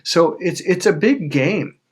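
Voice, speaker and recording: A man hosting a self-help video, telling stories in a casual, animated way with frequent swearing. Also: sits high, slow pace. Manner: animated storytelling with swearing and acted-out quotes. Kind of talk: casual motivational talk.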